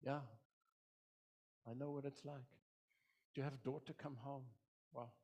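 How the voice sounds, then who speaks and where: With a warm, medium-pitched voice, a level tone, and a measured pace, a middle-aged pastor delivers a sermon. He preaches with impassioned repetition that rises and falls, slipping into dramatic voices for quotes.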